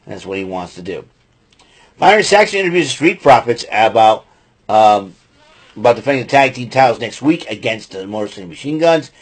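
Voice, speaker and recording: A man's voice: medium pitch, big pitch swings, fairly quick, breathy edge. A man hosting a podcast, giving a rambling casual recap with lots of fillers and restarts and blunt opinions. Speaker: podcast host recapping wrestling.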